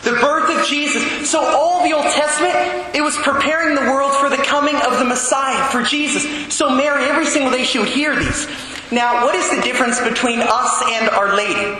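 A man's voice: extremely high pitch, moderate pace, noisy background. A man giving a homily to schoolchildren, asking them questions as he teaches. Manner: asks the listeners questions as he teaches. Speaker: preacher teaching students. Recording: roomy echo, long reverb.

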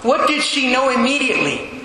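A man's voice: very high voice, sing-song, brisk, background noise. A man giving a homily to schoolchildren, asking them questions as he teaches. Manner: asks the listeners questions as he teaches. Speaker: preacher teaching students. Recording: roomy echo, long reverb.

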